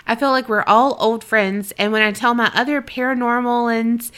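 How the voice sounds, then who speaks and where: A woman's voice: fairly high pitch, steady tone, normal speed, a bit bright, smooth. A woman co-hosting a podcast, chatting candidly and reading out listener stories, swearing freely and laughing often. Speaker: podcast co-host.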